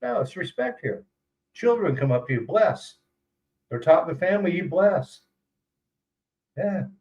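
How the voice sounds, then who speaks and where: A man's voice: sits high, sing-song, measured pace, a little mellow, highs cut off. An older man, a retiree, chatting casually and rambling on a livestream, chuckling often. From United States. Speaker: retiree vlogger.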